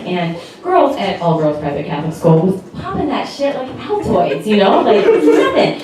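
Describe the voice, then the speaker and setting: A woman's voice: mid-range voice, sing-song, normal speed, few pauses, crowd noise. A woman in her twenties doing a stand-up comedy set, chatty and rambling, with lots of fillers and giggles. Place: comedy club stage. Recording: echoey club, distant mic, loud noise.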